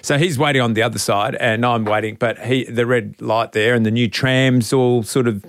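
An Australian man co-hosting a radio show, telling a self-mocking story in a casual, animated way. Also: moderate pace, no echo, clean studio sound. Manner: animated, self-mocking, imitates beeps in a high voice. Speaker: radio co-host.

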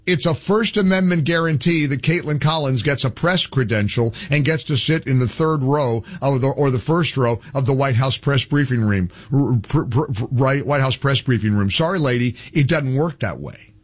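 A man's voice: mid-range voice, normal speed. A male talk radio host arguing with a caller in a sarcastic, mocking, combative way.

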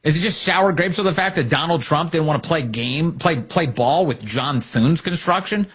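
A man delivers opinionated political commentary with open sarcasm and mockery. His pitch swings widely as he talks, and his voice sits a little high with a husky edge. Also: normal speed. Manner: sarcastic, mocking, animated.

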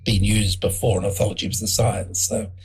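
A man's voice: on the low side, level tone, a little fast, very noisy. A man bird expert speaking outdoors, dry and knowledgeable with light amusement. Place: outdoors among birds and insects. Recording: outdoor birdsong and crickets loud.

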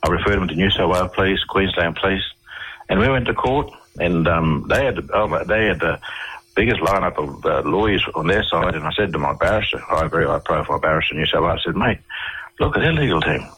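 A middle-aged Australian man telling stories as an interview guest, halting and restarting his sentences often. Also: low voice, fairly bright tone, slight background noise, poor audio. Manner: halting, with many restarts and repeated words. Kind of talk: storytelling in a radio interview.

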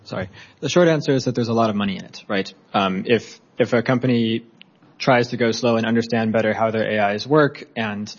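A man's voice: lowish voice, a little fast, highs cut off. Plain-spoken male witness. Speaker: expert witness. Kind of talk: hearing testimony.

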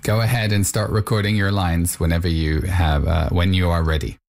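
A man's voice: low voice, fairly even intonation, normal speed, vocal fry, heavy background noise. A man hosting a podcast, narrating and chatting in a wry conversational way. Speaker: podcast host. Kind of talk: scripted narration and chat.

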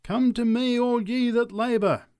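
A man voicing a frenzied woman street preacher, proclaiming in a shrill, ecstatic voice. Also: fairly even intonation, unhurried, a little mellow, clean tone.

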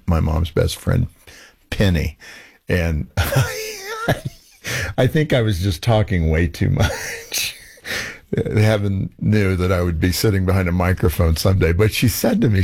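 A man hosting a talk show, chatting in an animated way, telling personal stories and laughing often. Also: low voice, creaky, slightly rough. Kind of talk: conversational interview.

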